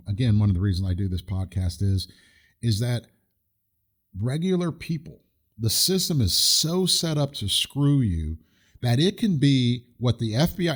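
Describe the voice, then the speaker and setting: A man hosting a casual podcast, telling stories at length with frequent restarts. His tone runs indignant, and his pitch sits in the middle. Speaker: podcast host.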